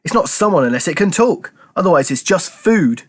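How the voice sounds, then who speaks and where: Man doing a talking tomcat, smug, wheedling, raised voice, swooping pitch, storybook. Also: lively intonation, breathy edge. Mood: self-justifying. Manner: wheedling, quick to excuse himself. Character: smug talking tomcat, male, adult, self-justifying.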